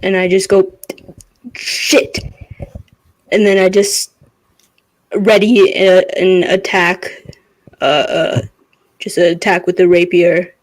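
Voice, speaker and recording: Slow-spoken tabletop player. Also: mid-range voice, flat delivery, low-quality recording. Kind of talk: tabletop game play.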